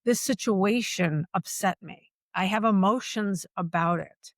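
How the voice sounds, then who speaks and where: Woman podcast guest, animated and emphatic, repeats key phrases, mid pitch, dry close sound. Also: unhurried, no room sound. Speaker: guest, workplace culture executive. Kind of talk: conversational podcast interview.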